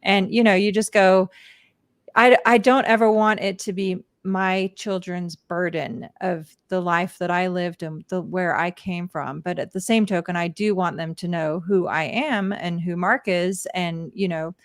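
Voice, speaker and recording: A woman's voice: on the low side, fairly even intonation, a little slow, dry recording, studio quality. A woman guest talking casually about raising her children, chatty with frequent laughs. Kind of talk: casual chat.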